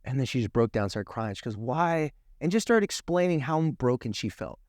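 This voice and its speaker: A man's voice: mid-range voice, fairly quick, dry recording, studio quality. Earnest man telling a personal story. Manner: animated, emphatic, acts out quoted dialogue. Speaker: guest. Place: TV studio.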